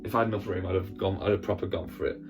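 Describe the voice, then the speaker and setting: A man, a church presenter, telling a Bible story in a lively, acted-out way with sound effects. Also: deep voice, rapid-fire, music in the background.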